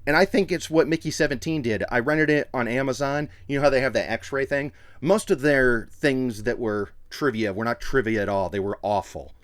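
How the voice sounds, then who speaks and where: A man reviewing a TV episode in a casual, excitable, slangy way. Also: medium pitch, normal speed, few pauses, no echo. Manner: excitable, slangy, quotes characters in voices.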